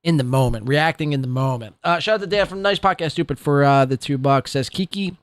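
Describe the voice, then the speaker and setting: Man, podcast host, ranting commentary, profane and scornful, fairly high voice, dry close sound. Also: brisk, no room sound.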